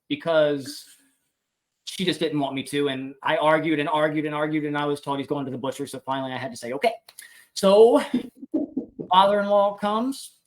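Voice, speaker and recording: A man, a homesteader guest on a podcast, telling a funny animal story in a casual, animated, self-deprecating way. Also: a little high.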